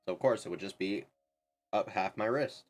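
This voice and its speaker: Low-voiced rambling young man. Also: soft background music. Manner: rambling, unhurried, self-correcting. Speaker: streamer. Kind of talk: casual chat while gaming.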